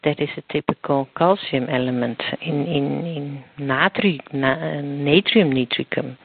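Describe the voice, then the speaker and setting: A man's voice: a little high, unhurried, breathy edge, no echo. A man being interviewed as a guest expert, explaining at length while searching for words and restarting often. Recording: tinny phone line.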